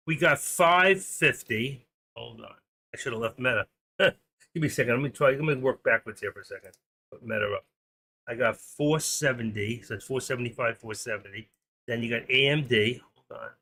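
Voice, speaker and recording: Um homem na casa dos sessenta anos, apresentador de uma transmissão ao vivo, fala de forma solta e opinativa. A voz é clara e brilhante. Ele pula de histórias pessoais para números do mercado. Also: male voice, mid-range voice, moderate pace, bright, forceful tone. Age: 60s. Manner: chatty, opinionated, jumps between stories and market numbers. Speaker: live stream host. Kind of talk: rambling live-stream chat.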